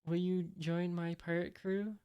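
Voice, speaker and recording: A woman reading a carefree young male pirate captain's lines aloud, barely changing her own low, flat voice. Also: unhurried, clean tone, muffled recording, natural voice. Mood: easygoing.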